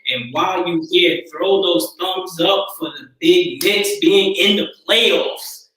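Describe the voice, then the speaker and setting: A man from Yonkers hosting a casual sports chat on a live stream, relaxed and repeating his phrases with lots of fillers. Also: high voice, takes it slowly, recorded from a distance. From Yonkers, New York. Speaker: stream host. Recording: echoey room, away from the mic.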